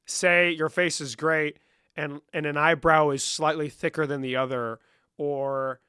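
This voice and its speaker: Bright-voiced young man trolling on stream. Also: a little high, little pitch movement, unhurried, clear, resonant tone, no room sound, studio quality. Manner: joking, trolling, profane banter. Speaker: livestream host. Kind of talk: casual livestream chat reading comments.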